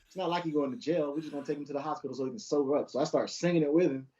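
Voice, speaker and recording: Racing along in a slightly high, warm voice, a young cop chats as a guest and recounts tales from his job. The interview is casual and laid-back, and the audio quality is dull.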